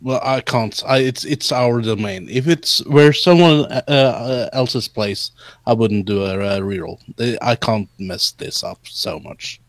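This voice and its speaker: A man playing a tabletop role-playing game, speaking in a halting way with many hesitations. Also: medium pitch, no echo. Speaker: player. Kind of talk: casual tabletop game play.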